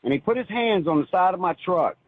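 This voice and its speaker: A man's voice: sits high, lively intonation, fast, breathy edge. A man calling in to a talk show who tells his story earnestly and at length, often repeating words when he is stirred up. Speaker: caller. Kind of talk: emotional call-in storytelling. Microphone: phone. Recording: tinny phone line.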